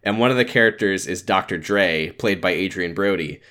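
A man's voice: low-pitched, moderate pace, sharp tone. A young man co-hosting a podcast, telling a story in casual chat and restarting his sentences. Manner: rambling, self-interrupting storyteller. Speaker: podcast co-host.

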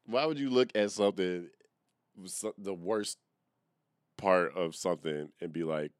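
A man's voice: low voice, unhurried, pauses often, dry recording, studio quality. A man hosting a solo comedy podcast, rambling in a profane, slangy way and laughing at his own jokes. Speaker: podcast host and stand-up comedian. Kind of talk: casual solo podcast rant.

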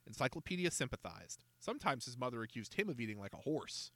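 A man narrating a children's mystery audiobook with a lively, expressive delivery. His voice is bright and close, with a dry sound and no room echo. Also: medium pitch, fast, few pauses. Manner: expressive, storytelling.

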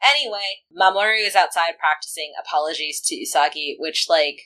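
Bright low-voiced chatty woman. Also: brisk, low-quality recording. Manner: chatty, frequent "like" fillers, laughs often. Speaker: podcast co-host. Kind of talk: casual podcast chat recapping an anime.

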